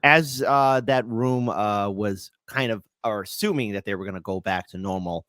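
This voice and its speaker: A man hosting a livestream political talk show, interviewing guests and launching into loud, ranting outbursts. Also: on the low side, normal speed, dry recording, clean studio sound. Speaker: host.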